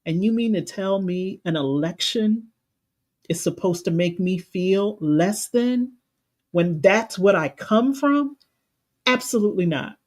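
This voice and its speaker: Her medium-pitched voice is expressive and slightly mellow as this woman life coach gives a motivational talk on a live stream at a measured pace. She speaks with passion and a preacher-like rhythm, repeating phrases to drive points home.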